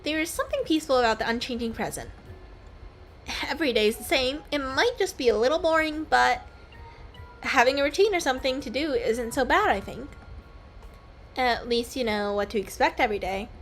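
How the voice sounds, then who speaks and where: A woman voicing a sleepy, laid-back young frog lounging in a warm pot, reading its lines aloud in a game. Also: high voice, brisk, long pauses, faint music behind. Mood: lazy.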